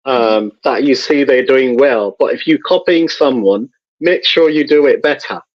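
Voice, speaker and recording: A man guest in a casual conversation, talking in a measured, thoughtful way and repeating words as he searches for them. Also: medium pitch, no echo, dull audio. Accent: noted accent, admired by host.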